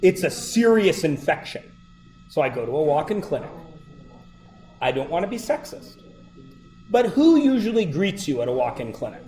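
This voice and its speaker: A middle-aged male teacher telling funny personal stories to his class, animated and breaking into loud exclamations. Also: a little high, normal speed, long pauses, faint music behind. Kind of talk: storytelling to a class.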